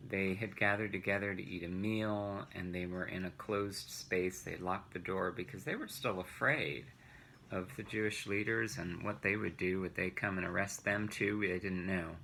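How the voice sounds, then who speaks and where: A man teaching a children's Bible lesson, retelling the story gently and asking rhetorical questions. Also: fairly low pitch, vocal fry, a little hiss or hum, low-quality recording.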